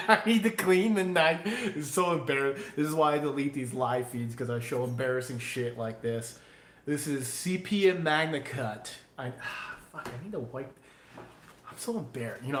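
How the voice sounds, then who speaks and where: A man, a knifemaker, talking on a loud, profane and tipsy live stream, acting out imagined critics. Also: medium pitch, roomy sound, slight background noise. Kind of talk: casual live-stream chat.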